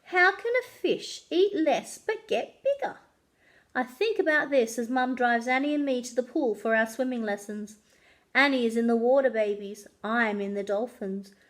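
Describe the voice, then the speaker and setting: A woman's voice: a little high, moderate pace. A woman reading a children's chapter book aloud as a librarian, telling it expressively and doing voices. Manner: expressive, animated storytelling with voices. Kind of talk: children's story read-aloud.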